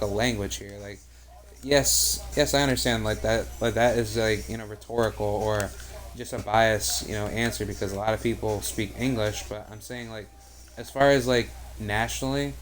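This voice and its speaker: A man's voice: on the low side, fairly even intonation, moderate pace. A young man streaming a basketball video game, talking casually with many fillers and swearing. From United States. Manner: rambling, profane, heavy on "like" and "you know". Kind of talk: live gameplay commentary and casual chat.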